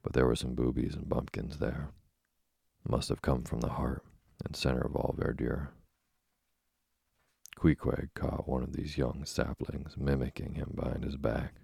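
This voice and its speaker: A man narrates a classic sea story with a very deep, gravelly, husky voice that stays low and flat. His delivery is measured and dramatic, recorded close and dry. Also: no echo. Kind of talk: audiobook reading of a classic novel.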